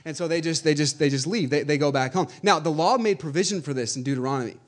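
A man in his thirties preaches to his congregation in a loose, conversational way, stumbling over fillers and repeating himself. His voice sits a bit higher than most men's. He reads scripture aloud between stories. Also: fast talker. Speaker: pastor. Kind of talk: sermon.

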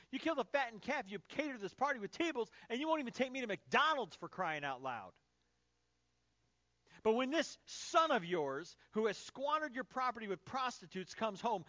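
A preacher voicing a bitter, resentful older brother. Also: male voice, high-pitched, a bit bright, dry recording, muffled recording, voice pushed up. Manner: indignant, raised and complaining.

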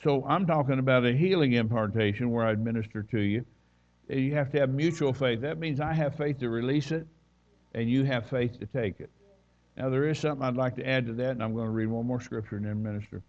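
A man's voice: mid-range voice, a little fast, a little mellow, dull audio. A man preaching as a visiting minister, telling folksy stories and reading scripture aloud. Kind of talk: sermon.

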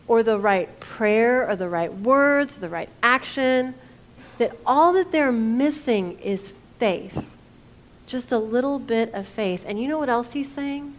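A woman pastor, preaching a conversational sermon that asks the congregation questions and drops to a hush for quoted lines. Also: fairly high pitch.

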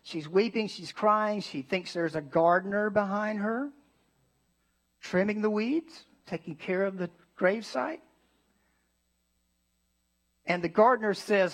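A man pastor delivering a sermon, swinging from emphatic declarations to hushed, tender asides. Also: high-pitched, measured pace, pauses often.

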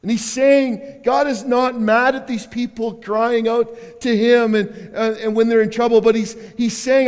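High-voiced preaching man in a reverberant hall. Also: little pitch movement, normal speed, few pauses, clean tone. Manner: preaches with sudden loud calls and hushed asides, repeats words. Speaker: pastor. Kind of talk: sermon.

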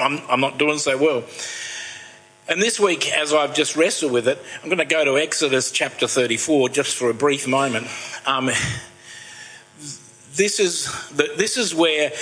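A man in his sixties giving a sermon, telling personal stories in a conversational, self-deprecating way and dropping soft and slow when he turns reflective. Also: fairly high pitch, poor audio. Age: 60s. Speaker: preacher.

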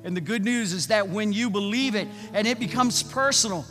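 A man preaching a sermon as pastor, swinging from loud, rapid urging to soft, slow passages. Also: high-pitched. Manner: building to loud, fast repeated urgings, then dropping soft and slow. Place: church sanctuary. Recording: long church reverb with soft music.

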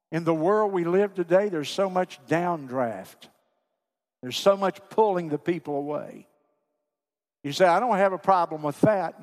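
A pastor preaching a sermon to his congregation, pleading with fervor, then dropping to a hushed voice. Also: fairly high pitch. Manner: impassioned, pleading preacher who drops to a hushed voice. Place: church sanctuary. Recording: long hall reverb.

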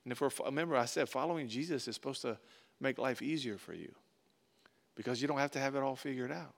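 A male pastor, preaching a conversational sermon that swells into emphatic bursts and drops to soft asides. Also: medium pitch, quick pace, gravelly.

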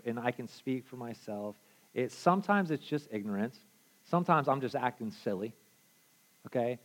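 A male pastor preaching a conversational sermon, candid and casual, dropping to quiet asides and then pushing to loud emphasis. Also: mid-range voice.

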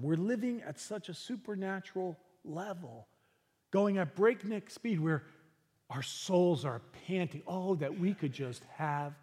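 Slow, earnest preaching man in a hall. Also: fairly high pitch, slightly rough. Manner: earnest, slow preaching with soft, hushed passages. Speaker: pastor. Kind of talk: sermon.

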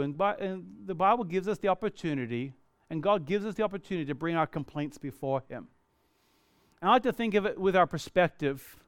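Male preacher, high smooth voice, earnest sermon delivery, dry close sound. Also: no echo. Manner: earnest, shifts between lively emphasis and quiet reflection.

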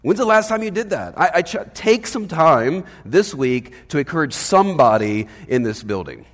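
A man preaching a sermon as pastor, conversational and animated, often checking in with "right?". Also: fairly high pitch, moderate pace, long reverb tail. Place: church hall.

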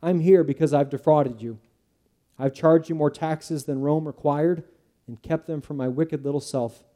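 A man's voice: on the high side, moderate pace, mellow, lightly acted. A male preacher reading the part of a humble, repentant tax collector, speaking earnestly and pleadingly.

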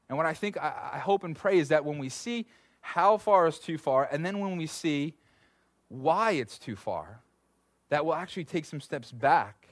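A man in his thirties preaching a sermon in a lively, conversational way, full of asides and restarts. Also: a little high, moderate pace, no echo, studio quality. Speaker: pastor.

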